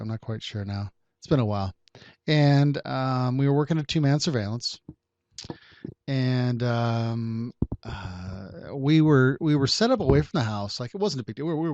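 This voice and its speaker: A man's voice: medium pitch, a little mellow, dry recording. Male podcast host, casual storyteller, rambling delivery with restarts, dull dry recording. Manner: rambling, self-interrupting, laughs at own story. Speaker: podcast host, private investigator.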